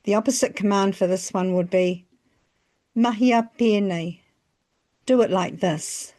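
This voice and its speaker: A woman narrating a scripted language lesson, phrasing each example slowly and carefully. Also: mid-range voice, mellow. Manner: slow, careful phrasing with pauses between examples. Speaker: language teacher.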